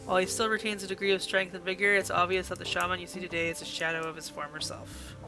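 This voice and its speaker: A woman's voice: fairly low pitch, little pitch movement, fast, music in the background. A woman streaming a game live, reading its text aloud and reacting with gushing, emotional outbursts. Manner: gushing, emotional reactions between read passages.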